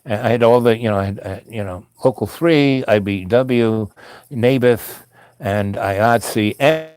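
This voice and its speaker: A man's voice: medium pitch, a little slow, a little mellow, clean tone, no echo. A man casually telling a long personal story, meandering with many asides and restarts.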